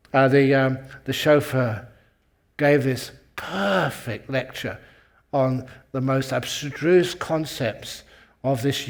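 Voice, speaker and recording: Playful storytelling monk, a man. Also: mid-range voice. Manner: playful, chuckles at his own jokes. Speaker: Buddhist monk and meditation teacher. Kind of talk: humorous storytelling talk.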